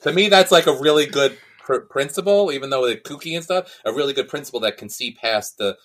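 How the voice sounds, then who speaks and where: A man's voice: mid-range voice, fast talker, fairly bright tone. A man co-hosting a podcast, chatting casually and enthusiastically, rambling and quoting characters. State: voice not warmed up. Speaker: podcast co-host. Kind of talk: casual chat.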